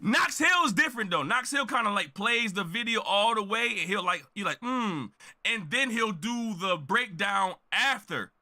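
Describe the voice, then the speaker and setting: Guy ranting loud about his reaction channel, high bright voice, keeps shouting. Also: expressive, moderate pace. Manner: loud, emphatic, shouts with indignation. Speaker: reaction video creator. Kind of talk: animated ranting monologue.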